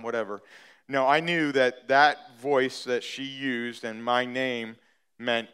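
A man's voice: mid-range voice, fairly even intonation, a little slow, fairly bright tone, smooth. A middle-aged man preaching a sermon, telling a personal story in a conversational way with many fillers and restarts, building to emphatic points. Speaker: pastor.

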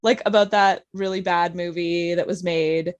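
A woman's voice: lowish voice, moderate pace, muffled recording. A woman talking as a guest on a podcast, chatting casually and laughing as she tells stories. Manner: laughs often, animated storytelling. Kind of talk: casual chat.

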